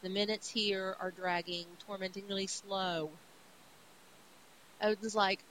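Woman podcaster retelling comics, chatty, middle pitch, bit of hiss. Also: takes it slowly, poor audio. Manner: chatty, animated storytelling. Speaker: podcast co-host. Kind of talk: casual retelling of comic books.

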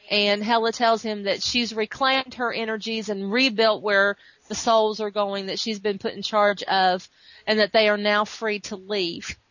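A woman's voice: mid-range voice, no room sound. Woman animatedly retelling a comic. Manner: animated retelling, acts out quotes. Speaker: podcast host. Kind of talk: casual chat recapping a comic. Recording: muffled dry recording.

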